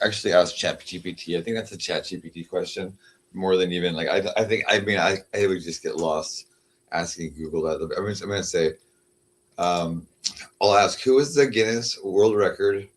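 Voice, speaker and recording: Deep-voiced man rambling on a stream. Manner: meandering, heavy on fillers, coos at his cat. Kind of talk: casual rambling livestream chat.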